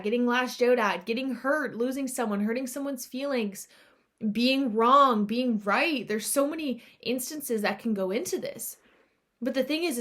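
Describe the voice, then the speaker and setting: A woman hosts her own podcast alone, in a relaxed, conversational tone. Her voice sits a little high. She talks straight to her listeners, keeps them close with asides like "right?", and sounds encouraging throughout. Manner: chatty and encouraging, often adds "right?" and "you guys". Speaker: podcast host. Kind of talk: casual solo podcast talk.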